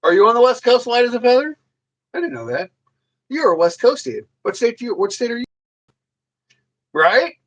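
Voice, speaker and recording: A man's voice: extremely high pitch, very animated, normal speed, pauses often, muffled recording. A man hosting a casual livestream, rambling and joking crudely while answering viewers. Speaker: livestream host.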